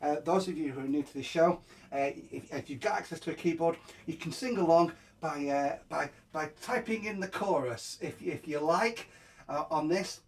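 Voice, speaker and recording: A man's voice: on the high side, normal speed, far from the mic. A man hosting a live music show, chatting casually, laughing often and stumbling over fillers and restarts. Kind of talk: casual live-stream chat. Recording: guitar playing behind the voice. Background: guitar music.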